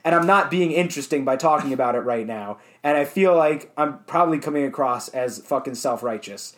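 A man's voice: mid-range voice, lively intonation, a little fast, a bit bright. A man co-hosting a podcast in casual comedic chat, rambling and swearing as he riffs. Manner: rambling, profane, self-deprecating. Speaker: podcast co-host.

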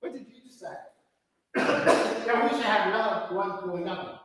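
A pastor with a high, fairly bright voice preaches a little slowly in a church sanctuary, leading fervent call-and-response questions and repeating scripture. The distant mic picks up an echoey church hall.

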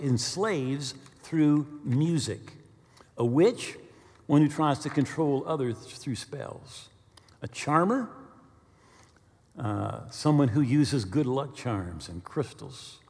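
A male pastor preaching a sermon, telling stories with animated bursts of quick speech. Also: mid-range voice, in a large hall. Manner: animated storyteller, speeds up when excited.

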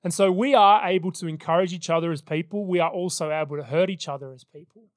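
A man's voice: high-pitched, quick pace, no echo, clean studio sound. A man in his thirties preaching a sermon as pastor, telling personal stories in an earnest way. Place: church service.

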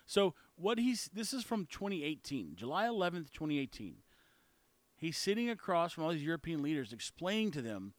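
A man hosts his own podcast and talks through his views in a chatty, folksy style. His voice sits a touch high for a man. The close mic gives it a very dry, intimate sound. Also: big pitch swings, a little fast, dry recording. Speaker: podcast host. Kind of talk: solo podcast commentary.

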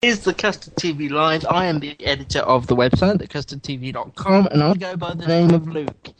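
A man's voice: a little high, a little fast, crowd noise, rough recording. A man hosting a casual podcast, wry and rambling, enthusing about television with his co-hosts. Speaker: podcast host.

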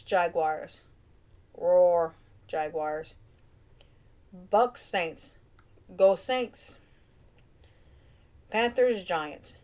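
Cajun woman, solo vlog host, easygoing and unhurried, mutters to herself, mid pitch. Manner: chatty, playful, muttering picks to herself. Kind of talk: casual sports picks vlog.

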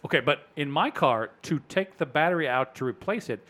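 A man, probably in his thirties, hosting a casual podcast and telling a story with animated delivery, acting out other people's lines. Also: fairly high pitch, a little fast. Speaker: podcast host. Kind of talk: casual chat.

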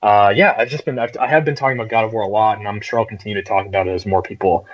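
A low-pitched man rambles at length as a podcast guest reviewing games. His talk is wordy and loose. The audio is dull and lo-fi. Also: steady tone, rapid-fire. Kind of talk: casual podcast chat.

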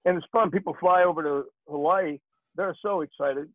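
A man's voice: sits high, normal speed, dry recording. An older man, a guest actor, telling jokey stories in a casual interview. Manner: jokey, animated storyteller. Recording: dry tinny phone-like sound.

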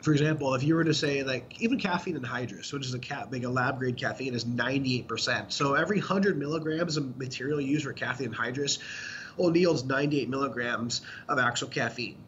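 A man's voice: medium pitch, brisk, a bit bright. A man co-hosting a podcast in casual chat, explaining bluntly with lots of profanity. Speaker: podcast co-host. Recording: dull lo-fi sound with faint noise.

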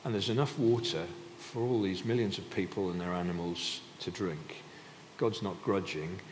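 Deep-voiced man preaching in a hall. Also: normal speed. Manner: conversational, with frequent restarts and filler. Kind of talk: sermon. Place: church hall. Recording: reverberant hall, faint background noise.

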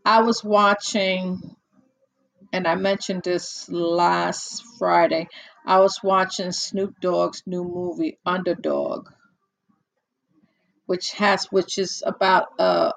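A woman's voice: lowish voice, flat delivery, takes it slowly, creaky, rough recording. An older woman hosting a casual monologue, telling stories in a blunt, exasperated way with many restarts.

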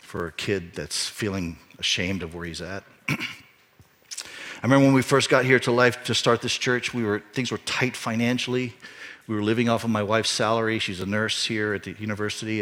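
A man's voice: fairly low pitch, a bit bright. A middle-aged man, a pastor, telling a personal story in a sermon, earnest and rising to emphatic peaks. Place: church.

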